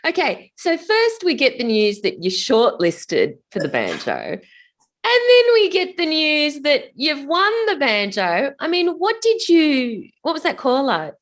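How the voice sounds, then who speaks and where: A woman's voice: sits high, huge pitch swings, measured pace. A woman interviewing an author in a casual chat, eagerly prompting her with questions.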